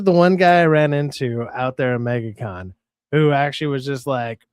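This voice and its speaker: A man's voice: medium pitch, brisk, a little mellow, no room sound. Man, stream host, loose and profane, joking, dry close sound. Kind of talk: casual live-stream chat.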